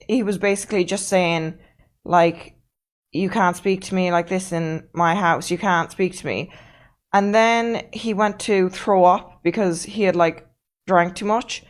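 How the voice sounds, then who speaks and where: A woman streamer telling a story in a casual, blunt way, swearing freely and with emphasis. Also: mid-range voice.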